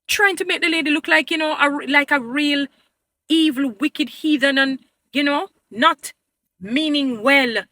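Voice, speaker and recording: A woman vlogger talks straight to her followers in a high, bright voice. She argues emphatically and pleads with them, sliding into a preachy, sermon-like tone. Her delivery is insistent throughout. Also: measured pace. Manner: addresses viewers as "beautiful people". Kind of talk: opinion commentary to camera.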